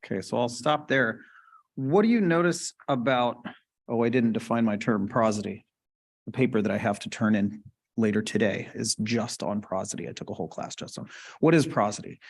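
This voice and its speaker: A man's voice: medium pitch, normal speed. Casual lecturing man at a conference. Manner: casual, explanatory, checks in with audience. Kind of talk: live lecture with slides. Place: conference hall.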